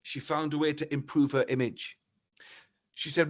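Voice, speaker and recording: A man from northeast England giving a motivational keynote talk, telling a story in an animated, theatrical way. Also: a little high, normal speed, pauses often. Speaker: keynote speaker.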